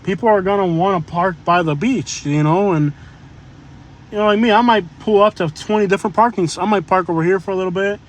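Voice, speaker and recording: A man with a notably high voice talks to his livestream audience while in a car. He drifts from topic to topic in a loose, joking, chatty way. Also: brisk. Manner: rambling, joking, chatty asides to viewers. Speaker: live-stream vlogger. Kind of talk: casual live-stream chat.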